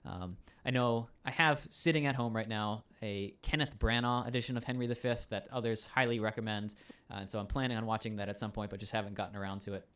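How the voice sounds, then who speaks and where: A man's voice: fairly low pitch, steady tone, fast, a bit bright, clean tone. A male teacher in a casual conversation, explaining at length in a thoughtful way with frequent ums and restarts.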